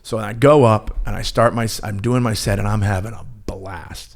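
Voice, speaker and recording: A man's voice: lowish voice, moderate pace, vocal fry. A middle-aged man, a stand-up comedian, telling stories casually on a podcast and acting out other people's lines. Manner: animated, acts out others' lines in quoted voices. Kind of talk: casual storytelling chat.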